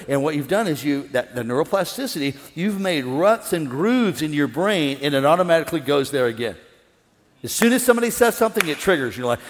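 Middle-aged guy preaching a sermon, kinda high voice, big reverby church hall, gets loud then goes real quiet. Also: a little fast. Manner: animated, swinging from loud excitement to hushed calm. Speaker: pastor. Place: large church hall with an audience. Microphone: wireless stage mic.

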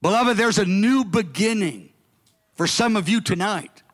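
High-voiced preaching man in a big hall. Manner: animated preaching, acting out the father's words slowly and emphatically. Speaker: pastor. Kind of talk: sermon.

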